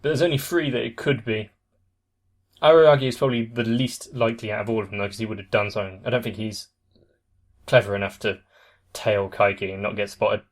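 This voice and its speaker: Measured man giving commentary. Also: fairly low pitch, fairly even intonation. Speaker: anime reaction channel host. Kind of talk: casual commentary.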